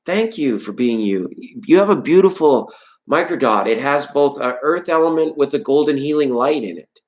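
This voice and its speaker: Live tarot host, loose and playful, jokes while greeting chat, voice leaps high when worked up. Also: animated, moderate pace, rough recording. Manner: rambling, playful and jokey; greets and answers viewers from chat. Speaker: tarot reader hosting a live stream. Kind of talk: live-stream chat with viewers.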